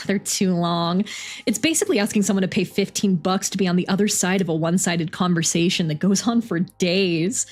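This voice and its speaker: A woman's voice: lowish voice, a little fast, faint music behind, lightly acted. A woman voicing a weary, wry young woman football player who sighs and curses. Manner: sarcastic, sighing, swearing.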